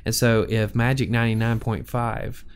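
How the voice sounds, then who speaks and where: A man's voice: fairly low pitch, level tone, moderate pace, a little hiss or hum. A man in his forties on a podcast, chatting casually and telling stories with frequent laughter. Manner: chatty storyteller who laughs often. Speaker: podcast co-host. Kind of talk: casual chat.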